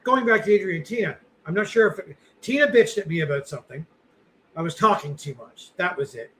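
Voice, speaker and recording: In a rough recording, a middle-aged podcast co-host talks in a high, brisk voice with lively intonation and a bright, forceful tone. The casual chat wanders, full of fillers and self-deprecating remarks.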